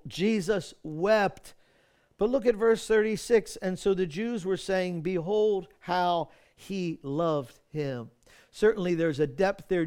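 A man preaching a sermon, reading scripture aloud in an earnest, folksy way, often checking in with "right?". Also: high voice. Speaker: pastor.

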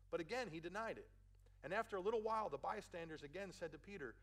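Animated preacher with a Philly accent. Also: male voice, fast. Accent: Philadelphia. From Philadelphia, USA. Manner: animated preaching, acting out quotes, dropping low for emphasis. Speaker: pastor. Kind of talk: sermon.

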